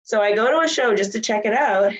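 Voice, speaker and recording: A woman in her forties telling her story in a casual interview, animated and laughing often. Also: on the high side, fast, poor audio. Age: 40s. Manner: animated, laughs often, acts out quoted voices. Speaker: guest, bodybuilding coach.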